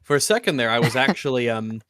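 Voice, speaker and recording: A man's voice: medium pitch, animated, fast, a bit bright, clean tone, no room sound, studio quality. A man chatting casually on a livestream, rambling with lots of "like" and false starts. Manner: rambling, full of "like" and restarts. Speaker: co-host, tabletop player.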